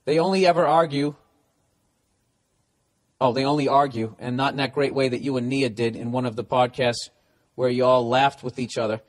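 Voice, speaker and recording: A man's voice: mid-range voice, normal speed, pauses often. Profane, fired-up male podcast host. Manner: profane, animated, reading listener letters aloud. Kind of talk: casual comedy podcast rant.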